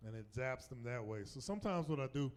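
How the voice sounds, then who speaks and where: A middle-aged man from the South, performing a stand-up comedy set on a club stage and jumping into high mocking voices for the people he quotes. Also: lively intonation, fast. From Southern United States.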